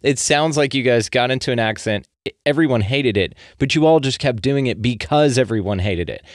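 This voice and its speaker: A Southern-accented man hosts a loose podcast conversation, ribbing his guest and cracking jokes. His voice sits at a middling pitch and is recorded dry and close, with almost no room sound. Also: a little fast, dry recording. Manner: joking, teasing, profane. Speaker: podcast host. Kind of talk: casual chat.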